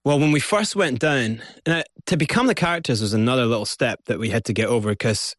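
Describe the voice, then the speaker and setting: A man's voice: mid-range voice, fast talker, no echo, studio quality. A man from Scotland with a Scottish accent, a guest telling his story in an interview and acting out what people said. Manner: animated, acts out quotes.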